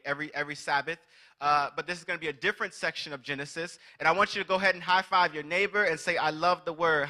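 A man's voice: a little high, bright, forceful tone. A man preaching an interactive sermon at a church service, calling out to the congregation and energetically asking them to respond.

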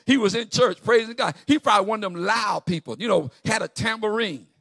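A male preacher giving a rhythmic sermon, with a sing-song delivery that builds to shouts. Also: high-pitched, fairly quick, gravelly, dry recording.

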